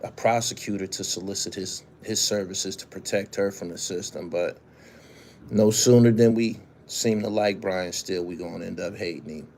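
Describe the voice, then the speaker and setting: A man's voice: sits low, normal speed, darkish tone, slight background noise. A man hosting his own show, reading news stories aloud and then giving casual, profane commentary while answering viewers' chat. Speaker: show host.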